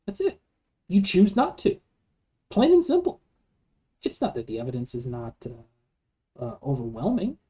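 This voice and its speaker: A woman's voice: sits low, huge pitch swings, measured pace, pauses often, dark tone, dull audio. A woman giving an earnest, argumentative monologue to camera, with many rhetorical questions and frequent restarts. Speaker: vlogger.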